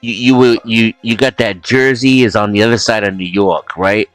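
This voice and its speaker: رجل هادئ بصوت ناعم وجاف. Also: male voice, on the low side, normal speed, smooth, no echo, faint music behind. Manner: relaxed, reminiscing. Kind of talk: casual chat.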